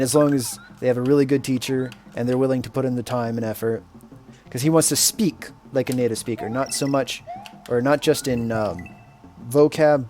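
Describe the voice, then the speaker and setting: A man streaming a game and chatting casually, telling stories in a rambling, unhurried way. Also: mid-range voice, a little mellow. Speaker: streamer and English teacher. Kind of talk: casual chat while playing a game. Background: faint video game music.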